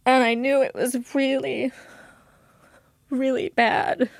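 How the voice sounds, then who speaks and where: Woman slowly telling a sad personal story, halting, bit high voice, dry close sound. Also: level tone, gravelly, no room sound. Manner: halting, emotional, with frequent restarts. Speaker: interview guest.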